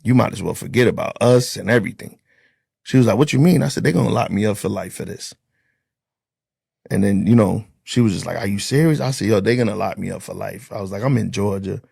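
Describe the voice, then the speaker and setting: Gravelly husky man telling his story. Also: lowish voice, fast, dark tone, no echo, clean studio sound. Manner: blunt, profane, acts out dialogue. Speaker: interview guest, former corrections officer. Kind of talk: casual storytelling.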